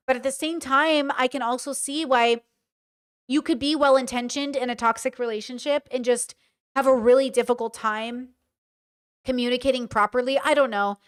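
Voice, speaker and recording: A young woman streaming her reactions for chat, her voice sitting high. She talks bluntly and animatedly and swears freely. The delivery stays casual and unscripted. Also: fairly even intonation, normal speed, smooth. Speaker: commentary streamer. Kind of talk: live stream reaction commentary.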